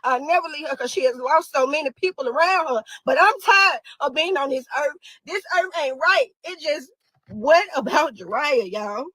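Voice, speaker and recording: A woman's voice: sits high, fairly quick, few pauses, bright, forceful tone, dry recording, rough recording. A young woman speaking out as a grieving mother, raw, angry and exhausted, swearing and repeating herself. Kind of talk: emotional monologue to camera.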